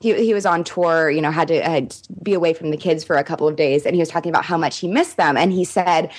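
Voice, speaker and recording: A young mother talks in a low voice during a casual chat. She rambles and giggles, and she fills her sentences with ums. She sounds loose and unhurried. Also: a little hiss or hum. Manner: rambling, giggly, full of fillers. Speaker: co-host, parent.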